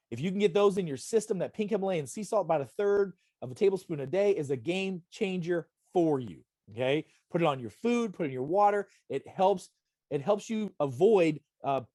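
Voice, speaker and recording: A man's voice: sits high, mellow, dry recording, studio quality. A middle-aged man giving a wellness talk over a video call, emphatic and repetitive, often checking in with "okay?". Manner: emphatic, repetitive, direct address with frequent "okay?". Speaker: wellness presenter. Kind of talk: live online health talk.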